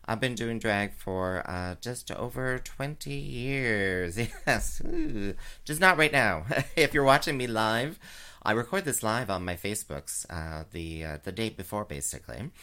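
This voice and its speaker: Giggly low-voiced drag queen host. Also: animated, a little slow, pushed and bright, clean tone. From Canada. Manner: chatty and giggly, many fillers, jumps into high sing-song voices. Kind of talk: casual chat show monologue. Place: home, recorded live.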